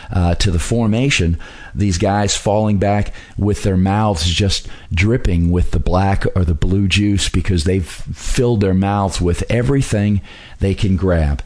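A man explaining history in a relaxed, conversational way, pausing often with "uh" as he tells stories. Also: low voice. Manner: unhurried storyteller with frequent "uh" pauses.

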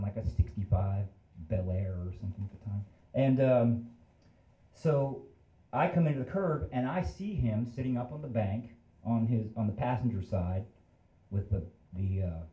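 A man's voice: mid-range voice, reverberant, lo-fi sound. A man in his fifties telling a story on a live stage in a casual, rambling, self-deprecating way. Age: 50s.

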